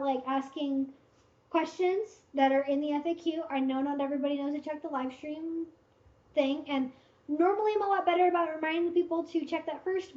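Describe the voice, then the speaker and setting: A woman's voice: high-pitched, darkish tone. A woman hosting a casual livestream Q&A, giving frank, direct advice with lots of fillers. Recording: roomy, slightly dull stream audio.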